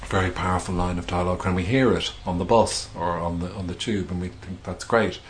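A man's voice: low voice, steady tone, a little fast, slight background noise. A middle-aged male author being interviewed, talking thoughtfully with hesitations and restarts. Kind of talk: reflective conversational interview.

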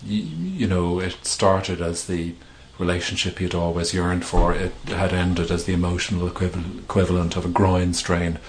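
Very deep-voiced man musing on his craft. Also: flat delivery, moderate pace, few pauses, slight background noise. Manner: thoughtful, hesitant, many restarts and fillers. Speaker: author being interviewed. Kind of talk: reflective conversational interview.

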